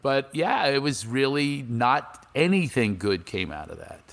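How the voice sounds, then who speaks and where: A man's voice: mid-range voice, a little slow, gravelly. A man, a comedian from Philadelphia, chatting casually in an interview and acting out anecdotes. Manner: animated storyteller, acts out voices in anecdotes. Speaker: comedian guest. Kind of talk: casual interview chat with storytelling.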